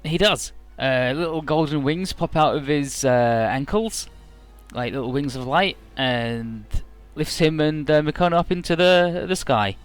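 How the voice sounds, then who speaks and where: A man's voice: on the high side, a little slow, smooth, faint music behind. A man casually commenting on a video game he is playing. He jokes and rambles, with lots of "uh" fillers. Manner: joking, rambling, many "uh" fillers. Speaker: video game let's player.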